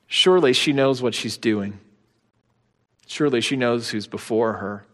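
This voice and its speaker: A man pastor preaching a sermon, swinging between hushed, slow passages and emphatic, rising ones. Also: mid-range voice, big-room sound. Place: church sanctuary.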